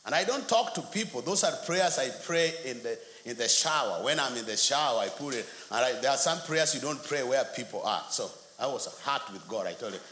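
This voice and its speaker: Brief: male preacher, lively and forceful storytelling, roomy church sound. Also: medium pitch, brisk, few pauses. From Kenya. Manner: animated storytelling, acts out quotes. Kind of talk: sermon. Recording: echoey hall, faint noise.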